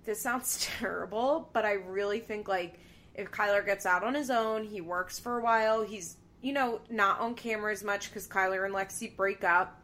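A woman's voice: mid-range voice, normal speed, a bit bright. A young woman hosting a podcast, chatting casually and animatedly about a reality show, with lots of "like". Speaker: podcast host. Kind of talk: casual chat.

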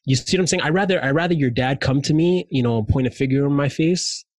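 Slangy, animated man in a dry mic. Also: fairly high pitch, quick pace, no room sound. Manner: animated storyteller, slangy, many fillers. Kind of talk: casual chat.

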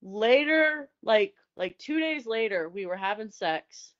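Loud storytelling woman from Indiana. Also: on the high side, lively intonation, takes it slowly, muffled recording, heavy background noise. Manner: loud, storytelling, swears freely. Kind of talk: casual raunchy chat.

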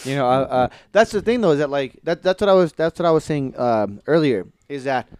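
A man's voice: on the high side, lively intonation, a little fast, a little mellow, clean tone, dry recording, clean studio sound. A man in casual podcast chat about TV shows, rambling with many fillers and restarts and swearing casually.

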